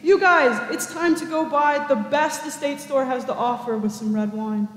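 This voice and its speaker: A man voicing a gentle, generous aging father who talks softly and pleads, heard in an echoey cathedral. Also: high-pitched, steady tone, normal speed, close to an everyday voice. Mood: overjoyed. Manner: warm, pleading, soft-spoken.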